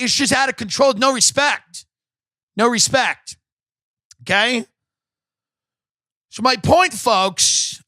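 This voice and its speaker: Male podcast host, high bright voice, profane sarcastic rambling rant, close dry sound. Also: no echo. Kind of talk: comedic ranting monologue. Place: home podcast set.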